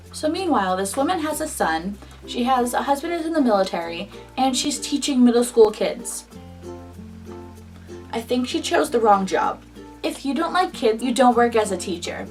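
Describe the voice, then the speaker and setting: A woman in her early twenties telling a casual storytime, animated and indignant, swearing freely. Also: a little high, distant mic. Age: early 20s. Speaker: vlogger.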